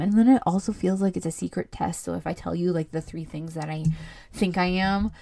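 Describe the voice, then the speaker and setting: A woman's voice: fairly low pitch, a little fast, vocal fry. Candid woman ranting on her podcast. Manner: candid, rambling, animated when ranting. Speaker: podcast host. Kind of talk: casual solo podcast monologue.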